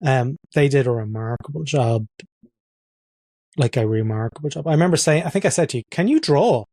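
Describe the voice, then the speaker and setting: Fairly quick and a little mellow, this medium-pitched podcast host keeps the interview casual on a recording with no echo. Self-deprecating and talkative, he enjoys slipping into accents.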